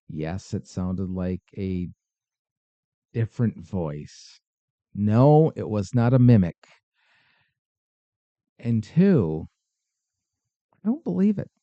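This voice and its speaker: A man's voice: low-pitched, expressive, slow pace, pauses often, warm tone, no echo, dull audio. A man hosting a podcast, reacting to paranormal videos with skeptical, sarcastic commentary. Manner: skeptical, dry, sarcastic asides. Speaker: podcast host.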